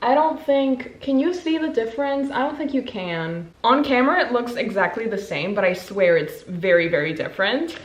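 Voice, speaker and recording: A woman in her twenties chatting to camera as a book vlogger, bubbly and gushing, breaking into quick bursts of excitement. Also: on the high side. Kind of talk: casual chat to camera. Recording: echoey room.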